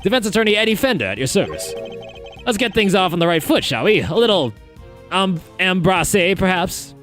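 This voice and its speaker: Player voicing an easygoing male defense attorney in a game; chipper, slangy, lively. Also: medium pitch, moderate pace, soft background music.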